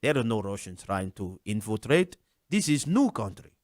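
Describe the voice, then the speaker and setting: Animated sarcastic commentary host. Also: mid-range voice, normal speed, no echo, clean studio sound. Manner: sarcastic, mocking, talks straight to listeners. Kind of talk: animated political commentary monologue.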